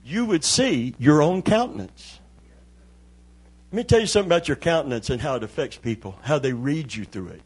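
A man's voice: a little high, lively intonation, a little fast, breathy edge. A man preaching a church sermon, building to fervent cries of hallelujah. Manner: preaching with rising fervor, calling out hallelujahs. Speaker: pastor.

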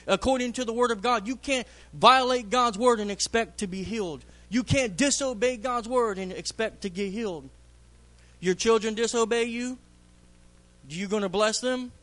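A man's voice: very high-pitched, moderate pace, a bit bright. A man preaching a fervent sermon in a church, repeating phrases for emphasis.

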